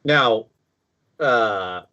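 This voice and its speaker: A man from the US Midwest with a Midwestern accent, explaining things in a measured way during a casual chat. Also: fairly low pitch, expressive, sharp tone, dull audio. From Ohio, US Midwest.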